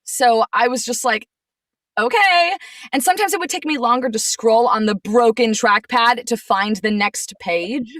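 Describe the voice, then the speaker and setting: A woman voice actress in a casual chat, telling stories in an animated, exasperated way. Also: a little high, normal speed, few pauses, no room sound, recorded from a distance. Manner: animated storyteller, gets sassy and exasperated. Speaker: voice actress guest.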